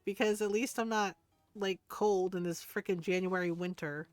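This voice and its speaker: A woman's voice: medium pitch, fairly even intonation, normal speed, dry recording, soft background music. A middle-aged woman streamer chatting casually, rambling and laughing often as she talks. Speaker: game streamer. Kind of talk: casual livestream chat.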